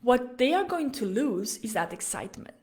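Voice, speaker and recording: A woman, hosting a solo coaching podcast in an energetic, persuasive way. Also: on the high side, normal speed. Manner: energetic, persuasive, talks straight to listener. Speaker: podcast host and business coach.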